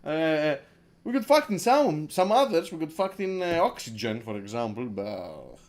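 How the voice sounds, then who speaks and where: A man's voice: on the high side, big pitch swings, moderate pace. Rambling, swearing crypto stream host man. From Greece. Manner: rambling, repeats words, swears, laughs often. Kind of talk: casual livestream chat.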